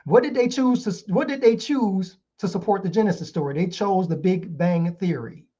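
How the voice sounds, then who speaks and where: A man's voice: high-pitched, normal speed, warm tone, breathy edge. A man giving a heated casual lecture, reading out articles and asking rhetorical questions again and again. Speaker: online show host. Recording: dull lo-fi sound.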